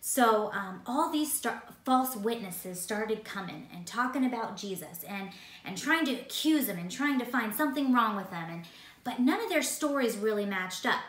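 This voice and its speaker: A woman teaching a Bible story lesson with animated, playful storytelling. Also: mid-range voice, a little slow, reverberant, recorded from a distance.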